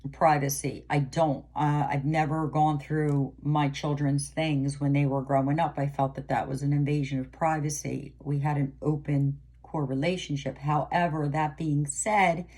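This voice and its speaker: A woman's voice: deep voice, little pitch movement, normal speed, hardly any pauses, a little mellow, breathy edge. A middle-aged woman giving an emotional intuitive reading to camera, pleading and repeating herself. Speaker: psychic reader.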